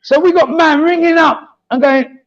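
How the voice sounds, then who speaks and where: High-pitched man telling stories. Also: normal speed, highs cut off. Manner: lively storytelling, frequent laughter. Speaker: DJ guest. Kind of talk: casual podcast chat.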